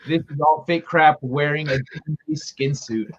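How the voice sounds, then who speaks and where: A man with a high voice chats loosely about games on a livestream, excitable and joking, often dropping a thought halfway through. The stream audio is dull and lo-fi. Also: moderate pace. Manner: excitable, joking, trails off mid-sentence. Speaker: co-host of a gaming talk stream. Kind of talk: casual chat.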